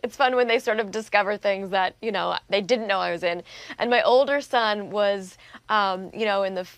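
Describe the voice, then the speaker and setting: A woman's voice: medium pitch, no room sound. Bubbly chatty woman, middle-aged, laughs a lot, dry studio sound. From Canada. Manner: bubbly, quick, laughs often. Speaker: voice actress guest. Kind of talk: casual TV interview chat.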